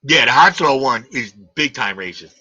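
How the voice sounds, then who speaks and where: A man's voice: mid-range voice, animated, normal speed, bright, forceful tone, breathy edge, no room sound. A man hosting a live stream, ranting combatively in a heated argument and hammering his points with repeated questions. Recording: dull lo-fi stream audio.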